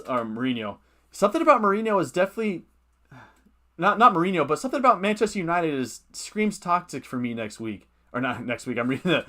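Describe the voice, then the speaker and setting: A man's voice: mid-range voice, bright, forceful tone. A man hosting a casual fantasy football livestream. He thinks aloud, reads out viewer comments and uses many fillers.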